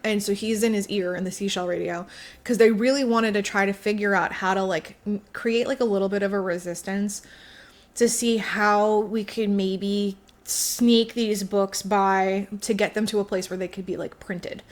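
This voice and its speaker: Woman podcast co-host, casual and profane, animated storyteller, mid-pitched. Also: moderate pace. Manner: chatty, swearing, acts out characters' lines with big jumps in pitch. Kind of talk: casual chat, retelling a book plot.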